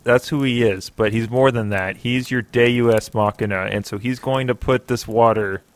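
A man running an improvised tabletop role-play as game master, excitable, joking and profane. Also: medium pitch, normal speed.

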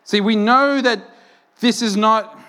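A man preaching a sermon, telling stories and acting out quotes with lively energy. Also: high voice, slow, clean tone. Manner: animated storytelling, acts out quotes loudly. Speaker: pastor.

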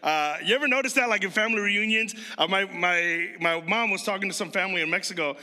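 A man in his thirties from Chicago preaches in a high, very bright voice. He talks to the congregation like a friend and keeps quizzing them. His sermon rings out with the long reverb of a large hall. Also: fast.

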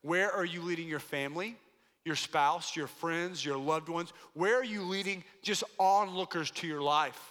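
High, bright-voiced male pastor preaching. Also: normal speed. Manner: preachy, emphatic, playful banter. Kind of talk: sermon. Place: large church auditorium. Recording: long hall reverb.

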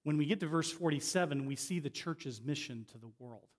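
A middle-aged man gives a sermon as a guest preacher, his voice sitting a little higher than most men's. He talks in a conversational, unpolished way, repeating and restarting words as he goes. He slows right down on the points he wants to land.

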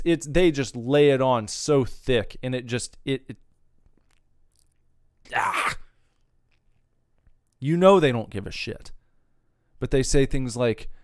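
A man's voice: medium pitch, clean tone, no room sound, studio quality. A man hosting his own podcast, talking casually in a rambling, profane rant that wanders off on tangents. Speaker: podcast host.

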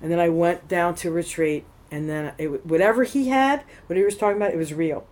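A woman's voice: fairly low pitch, a little fast, a little mellow. A woman telling a personal story in casual conversation, rambling and frank, swearing freely, at a temple. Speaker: interviewee.

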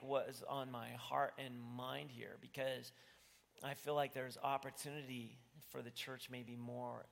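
A man's voice: medium pitch, vocal fry, fairly bright tone. Earnest preaching man in reverberant hall. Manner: earnest, pleading, rises to emphatic bursts. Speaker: pastor. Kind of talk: sermon.

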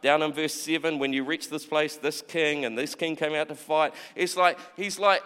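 A man's voice: fairly high pitch, steady tone, normal speed, hardly any pauses, fairly bright tone, clear, resonant tone. A man preaching a sermon in a chatty way, often acting out quoted voices and repeating words. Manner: conversational, acts out quoted voices, repeats himself. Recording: long reverb of a large hall.

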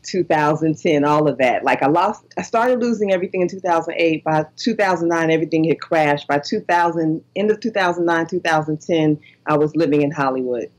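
An older woman, a podcast guest, telling personal stories in an animated way, laughing often and acting out her own reactions. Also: deep voice, brisk, hardly any pauses, poor audio. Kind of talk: casual storytelling interview.

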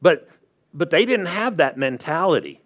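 Conversational preaching man, fairly high voice. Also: big pitch swings, moderate pace, a bit bright. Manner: conversational preaching, asks the crowd "are you with me". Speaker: pastor. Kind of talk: sermon.

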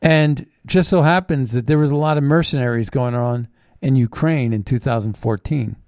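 A man's voice: medium pitch, normal speed, a little mellow, no room sound, clean studio sound. A man hosting a political commentary show, reading news items and reacting in a blunt, scornful, combative way. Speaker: host.

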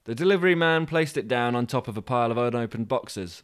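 A man narrating a comic story with dry, deadpan asides. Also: medium pitch, fast talker. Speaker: podcast host and storyteller.

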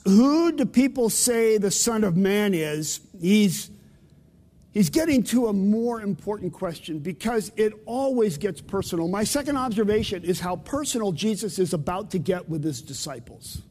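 A man's voice: sits high, lively intonation, moderate pace, darkish tone, long reverb tail. A man preaching a sermon to his congregation in a conversational way, putting questions to his listeners. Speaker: pastor. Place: church sanctuary.

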